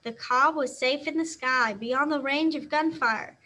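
A woman teacher reads a children's novel aloud, acting out the sound words with expression. Her voice is high and bright, and she reads a little slowly.

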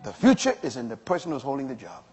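Animated preacher man in echoing hall. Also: mid-range voice, fast talker. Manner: emphatic, preacherly, rising to exclamations. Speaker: pastor. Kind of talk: sermon. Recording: long hall reverb.

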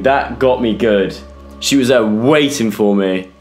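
A man's voice: fairly low pitch, a little slow, faint music behind. A young British man commentating a horror game for viewers, jumpy and yelping when scared. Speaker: gaming YouTuber. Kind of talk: let's play commentary.

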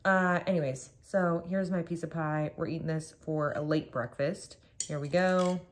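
A woman's voice: low voice, steady tone, moderate pace, slight background noise. A woman chatting casually in a home vlog, rambling and filling her talk with "like" as she tells stories from her kitchen. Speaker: vlogger.

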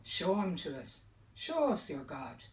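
A crowd of young male scholars jeers and mocks in unison, voiced by a woman storyteller. The voices sit low, and the room echoes around a distant mic. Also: big pitch swings, a little slow. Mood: mocking. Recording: roomy sound from a distant mic.

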